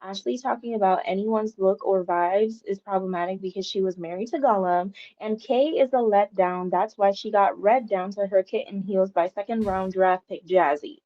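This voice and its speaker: A woman calling in with rapid-fire, cheeky put-downs. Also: medium pitch, warm tone, muffled recording. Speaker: caller. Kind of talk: call-in opinion.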